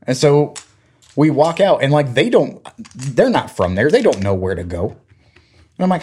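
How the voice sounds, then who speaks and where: In a relaxed chat, a man in his thirties from Georgia in the US recounts family stories, animatedly acting out the voices of the people in them. His voice sits in the mid range and is husky, and he takes his time.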